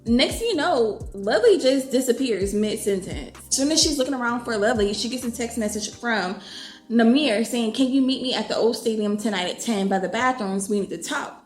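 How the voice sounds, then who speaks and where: A woman's voice: on the high side, fairly quick, soft background music. A woman, chatting casually in a reading vlog, reading passages aloud and reacting with swearing and exclamations. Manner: animated, swears freely, bursts of laughter and exclamation. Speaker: book vlogger. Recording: echoey room with faint background noise.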